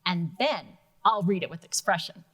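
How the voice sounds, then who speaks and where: A woman school librarian joining a reading lesson, talking in a quick, chatty storytelling way. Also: fairly low pitch, expressive, fairly bright tone.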